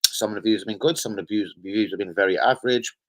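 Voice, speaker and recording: A man's voice: lowish voice, quick pace, fairly bright tone. A man hosting a football live stream, rambling casually, swearing and bantering with his viewers.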